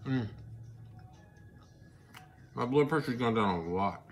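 Chatty man with a lively pitch. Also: takes it slowly, soft background music. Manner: chatty, eating while talking, excitable. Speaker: vlogger. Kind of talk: casual eating vlog.

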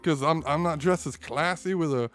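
A man's voice: a little high, normal speed, faint music behind, voice pushed up, lightly acted. A man voicing a shy, nervous young man character in a dating game, reading his lines aloud.

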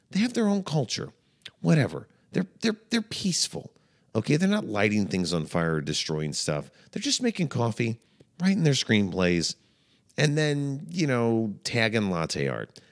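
A man's voice: huge pitch swings, unhurried. A man hosting a comedy podcast, delivering a playful, mock-dramatic monologue. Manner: playful, mock-dramatic, swings between low mutters and high exclaims.

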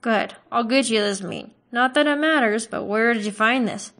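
A woman's voice: on the high side, normal speed, a bit bright. A woman reading aloud and voicing a small, suspicious male village butcher who talks in a scornful, sarcastic and snappish way.

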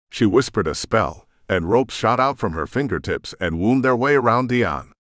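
A man's voice: fairly low pitch, fairly bright tone, no echo, studio quality. A man narrating a first-person audiobook with tense, emotional storytelling.

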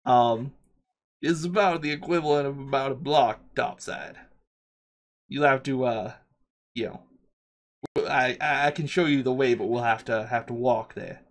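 A man's voice: mid-range voice, unhurried, long pauses, natural voice. A man doing Big Fred, chatty New subway worker. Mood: helpful. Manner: chatty, rambling, easygoing. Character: burly bearded male subway maintenance worker, friendly.

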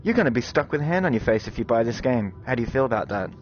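A man hosting a gaming video, talking to his viewers in excited, animated commentary, quick to swear and exclaim. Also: medium pitch, a little hiss or hum. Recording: slightly dull recording with game music.

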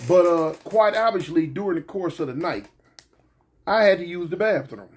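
A man with a husky, fairly high voice tells a funny story in a loose, casual way. He drawls, repeats his lines for effect and speaks right to his listeners. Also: animated, moderate pace.

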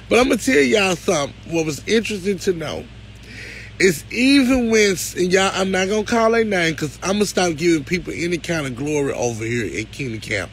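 A man's voice: high voice, expressive, brisk, a little hiss or hum, low-quality recording. Emotional man on a livestream. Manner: emotional, close to tears, preacherly. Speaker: live-stream host. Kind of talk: emotional livestream talk to viewers.

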